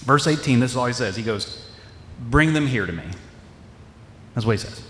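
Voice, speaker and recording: A man's voice: medium pitch, normal speed, a bit bright, a little hiss or hum. A man preaching a sermon as pastor, in a loose, conversational way, acting out quoted voices and restarting his sentences often. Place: church sanctuary. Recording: echoey hall with long reverb.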